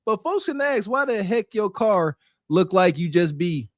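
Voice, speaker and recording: Middle-aged male podcast co-host, high-pitched, animated preachy delivery. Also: brisk, no room sound, studio quality. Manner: animated, preachy, laughs often. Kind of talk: casual chat reacting to clips.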